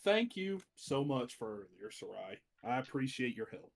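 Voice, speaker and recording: Give me a player, a man on a video call who speaks in character with lots of fillers and restarts, at an ordinary pitch. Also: big pitch swings, normal speed, gravelly. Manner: rambling, hesitant, with many fillers. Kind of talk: in-character tabletop play.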